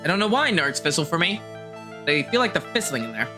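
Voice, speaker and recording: A woman's voice: sits low, very animated, fairly quick. A woman streamer chatting casually and rambling through explanations between game scenes. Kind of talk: casual chat. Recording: music playing behind.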